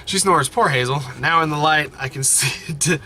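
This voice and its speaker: A man playing a story game at home, reading the text aloud with animated running commentary and frequent self-corrections. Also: a little high, moderate pace, slight background noise. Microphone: desk mic, wearing headphones.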